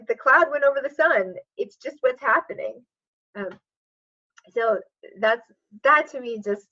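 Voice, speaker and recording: A woman coach, guesting on a podcast for a conversational interview, speaks in a fairly high voice with the highs cut off. She's reflective and chatty, talking in quick bursts crammed with fillers like "like."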